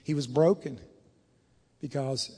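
A man preaching a sermon in a church, moving between hushed, low passages and loud, fervent stretches. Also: slow pace, husky. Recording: long hall reverb.

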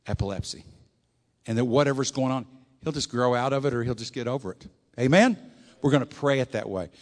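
A male preacher, telling stories in a folksy sermon and calling out "Amen?" to his congregation. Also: mid-range voice. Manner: storytelling, folksy, rising to emphatic calls of "Amen?". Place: church. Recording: long hall reverb.

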